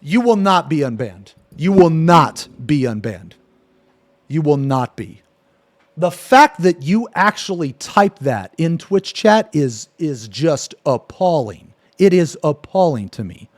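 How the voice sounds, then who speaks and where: A man's voice: fairly high pitch, very animated, slow pace. A male streamer ranting angrily on a live stream, cursing and repeating himself as he reacts to a clip. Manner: angry, profane, repetitive ranting.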